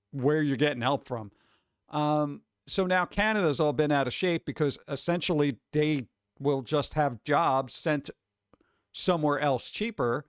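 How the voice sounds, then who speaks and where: A man's voice: on the high side, no room sound, studio quality. A man hosting a live stream, chatting casually, reading chat aloud and swearing now and then. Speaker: streamer host.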